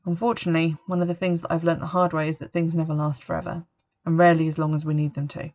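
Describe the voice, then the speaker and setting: A woman reading a first-person story as narrator, in a steady, even manner, on a dull lo-fi recording. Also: sits low, fast. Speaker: audiobook narrator.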